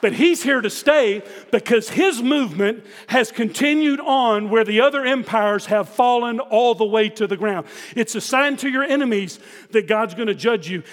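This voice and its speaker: High-voiced man preaching in a reverberant hall. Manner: emphatic, asks the congregation rhetorical questions. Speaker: pastor. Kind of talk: sermon.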